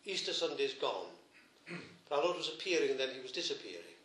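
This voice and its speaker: A man, a priest, preaching a sermon, retelling a gospel story gently with emphatic repetitions. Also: on the high side, big pitch swings, fast talker, reverberant.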